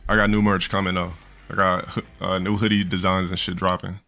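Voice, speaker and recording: 40s dude streaming, gravelly low voice, bright edge, blunt crude storytelling, rambles. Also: male voice, flat delivery, brisk, soft background music. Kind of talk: casual storytelling on a livestream.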